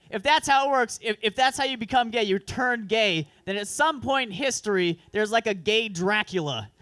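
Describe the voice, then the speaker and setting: A man's voice: high-pitched, normal speed, bright, forceful tone, no echo. A man performing a crude, self-deprecating stand-up set at an open mic, rambling through asides. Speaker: stand-up comedian. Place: comedy club open mic.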